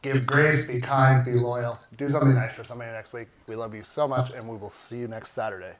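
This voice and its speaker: A man's voice: medium pitch, fairly even intonation, quick pace, heavy reverb, distant mic, a crowd in the background, poor audio. A man co-hosting a home cooking livestream, chatting enthusiastically while tasting food, often trailing off mid-sentence. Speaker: cooking show co-host. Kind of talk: casual livestream chat while eating.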